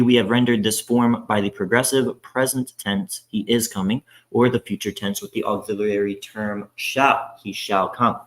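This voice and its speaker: Man, low voice, reading scripture aloud, careful and halting, with hesitant fillers. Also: a bit bright, poor audio. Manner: careful reading with frequent "uh" fillers and self-corrections. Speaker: scripture reader. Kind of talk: reading a Bible introduction aloud.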